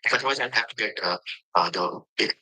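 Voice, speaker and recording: Testimonial from a man with an Indian accent: quick, husky, bright, halting and full of fillers. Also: on the low side, poor audio. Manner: halting, with many fillers and restarts. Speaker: coaching client giving a testimonial. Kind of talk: recorded testimonial.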